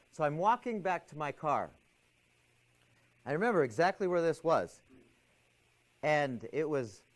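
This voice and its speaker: A man lecturing a class, telling a personal story and acting out his anxious thoughts and a calm inner voice. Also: medium pitch, poor audio.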